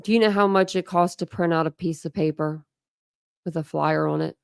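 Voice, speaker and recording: A woman's voice: low-pitched, steady tone, moderate pace, creaky, clean tone, no echo, studio quality. A woman hosting a commentary channel, reacting to a clip with sarcastic, mocking asides.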